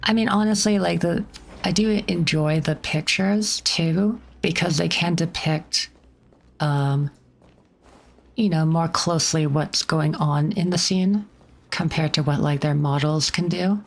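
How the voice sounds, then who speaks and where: A woman's voice: sits low, fairly even intonation, unhurried, creaky. A woman streamer giving casual game commentary in a chatty, rambling manner full of likes and restarts.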